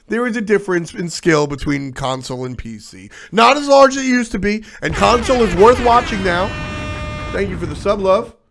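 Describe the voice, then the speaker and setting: As host of a casual livestream talk show about esports, this man has a high, gravelly voice. He riffs to chat and answers its questions bluntly, animated and swearing.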